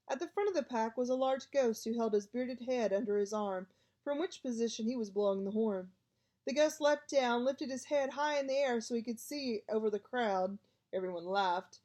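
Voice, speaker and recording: A woman narrating an audiobook, reading expressively. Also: a little high. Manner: expressive, lively voices for each character. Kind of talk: storybook reading.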